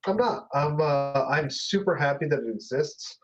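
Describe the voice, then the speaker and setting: A man's voice: fairly high pitch, animated, normal speed, dull audio, music in the background. A man co-hosting a podcast, talking casually and hesitantly with many fillers and frequent laughter. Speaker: podcast co-host. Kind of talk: casual chat.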